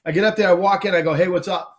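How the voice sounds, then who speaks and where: A man's voice: high-pitched, rapid-fire. A man from Boston hosting a casual talk show, telling stories with a lot of slang and acting out the dialogue. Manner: animated, acts out quoted dialogue, salty slang. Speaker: show host. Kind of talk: casual storytelling chat.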